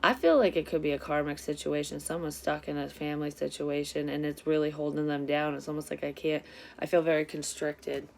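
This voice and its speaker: A woman, a psychic reader telling a story in a casual tarot vlog, candid and quick to swear. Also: low voice, flat delivery, gravelly, slight background noise.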